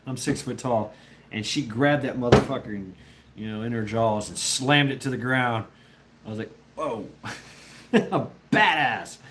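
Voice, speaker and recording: A man's voice: mid-range voice, unhurried, noisy background. A man telling a rambling, profane story in casual chat with his viewers, often laughing. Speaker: livestreamer chatting with viewers.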